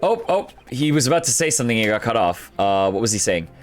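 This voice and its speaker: A man's voice: mid-range voice, big pitch swings, fast, soft background music. A man streaming a game and joking about its characters, his voice rising and falling freely. He talks playfully and casually. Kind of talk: let's play commentary.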